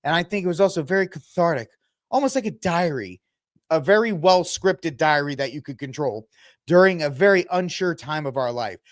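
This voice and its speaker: Sarcastic animated male podcast host. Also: a little high, moderate pace, dry recording, studio quality. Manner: sarcastic, animated, mocking voices when quoting. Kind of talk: casual commentary podcast.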